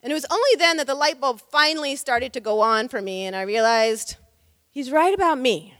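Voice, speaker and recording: A woman's voice: high-pitched, animated, brisk, a bit bright, no echo, studio quality, big-room sound. A woman civil rights lawyer telling a story on stage, vivid and dramatic. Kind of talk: storytelling talk.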